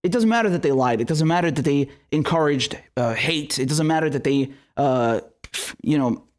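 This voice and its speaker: A man's voice: fairly high pitch, normal speed. Furious profane man ranting on a livestream. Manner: furious, profane ranting with frequent stammered restarts; reads viewer super chats aloud. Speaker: political commentary show host. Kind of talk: angry livestream commentary.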